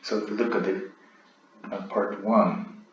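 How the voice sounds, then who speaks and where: A man giving a recorded speaking lesson as a teacher, explaining in a measured way and checking in with "right?". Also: on the low side, flat delivery, slight background noise. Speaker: IELTS teacher. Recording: roomy, dull lo-fi sound.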